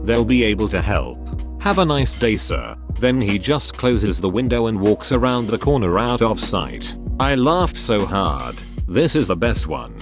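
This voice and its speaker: A low male narration voice reads online posts aloud in a scripted, synthetic-sounding style. His pitch swings up and down in a lively way. Soft music plays faintly underneath. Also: a little slow, few pauses.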